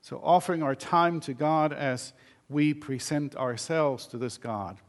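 A man's voice: a little high, unhurried. An older man, a pastor, giving a sermon in a conversational storytelling way, with many fillers and restarts.

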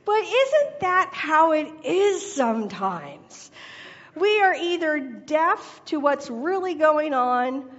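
A woman's voice: high voice, very animated, slow, fairly bright tone. A woman preacher telling a joke and then giving her sermon, chatty and laughing at her own jokes. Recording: reverberant hall, dull sound.

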